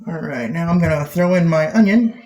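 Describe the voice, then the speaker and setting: A man's voice: a little high, fairly quick, darkish tone, a little hiss or hum. A man hosting a casual cooking demonstration, chatty and playful, with silly sound effects and jokey asides. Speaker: cooking show host.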